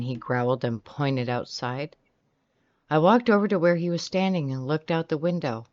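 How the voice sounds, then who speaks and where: Audiobook narrator, mid pitch, even delivery, dry dull recording. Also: moderate pace, no echo. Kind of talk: first-person novel reading. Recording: dry, slightly muffled sound.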